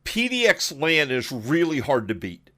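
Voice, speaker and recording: A man hosting an online podcast, telling stories in a casual, animated way with frequent laughs and quick asides over a voice call. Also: mid-range voice. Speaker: podcast host. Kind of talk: casual storytelling chat.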